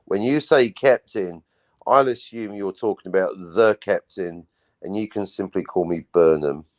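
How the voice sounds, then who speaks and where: A man's voice: low voice, unhurried, a little mellow, dry recording. An English man chatting casually as a guest on a morning stream, teasing and bantering. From England. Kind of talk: casual chat.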